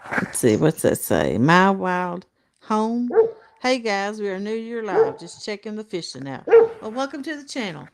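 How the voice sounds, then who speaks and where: A woman's voice: mid-range voice, sing-song, moderate pace. A woman, laughing often and chatting casually while reading viewer comments on a fishing live stream. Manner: laughs often, short agreeing replies. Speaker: fishing channel co-host.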